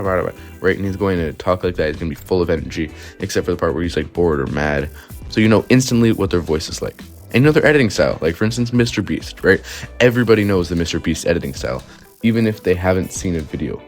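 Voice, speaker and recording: A man's voice: deep voice, a little mellow. A young man talking casually to camera about YouTube creators, chatty and full of "like" and "right?". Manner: quick, chatty, frequent "right?" and "like". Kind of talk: casual commentary video.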